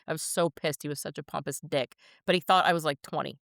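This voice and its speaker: A woman's voice: low voice, steady tone, quick pace, few pauses, fairly bright tone, no echo, clean studio sound. Blunt, laughing woman in her fifties. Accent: slight New Jersey. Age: 50s. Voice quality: blunt, swears freely, laughs often. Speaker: podcast co-host. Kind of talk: casual chat.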